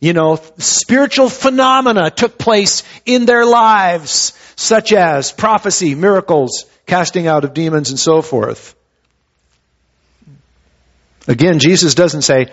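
A man preaching a sermon who reads scripture and then explains it in a conversational way, often pausing and restarting his phrases. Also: sits high, expressive. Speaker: pastor. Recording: dull lo-fi sound.

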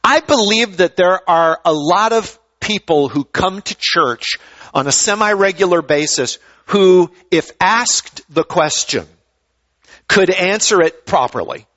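A man's voice: high voice, lively intonation, measured pace, a bit bright, highs cut off. A man preaching a sermon in a conversational way, often repeating words as he starts a thought. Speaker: pastor.

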